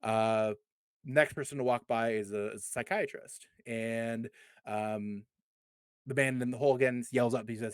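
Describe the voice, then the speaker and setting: A man's voice: mid-range voice, steady tone, a little slow, clean tone, no echo. A man in his thirties talking casually and earnestly, often stumbling over and repeating his words as he tells a personal story. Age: 30s. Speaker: community advocate guest.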